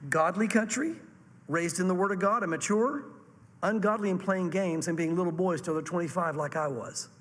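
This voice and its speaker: A man preaching a sermon to a congregation, animated and acting out the voices he quotes. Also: high-pitched, moderate pace, in a large hall, slight background noise. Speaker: pastor.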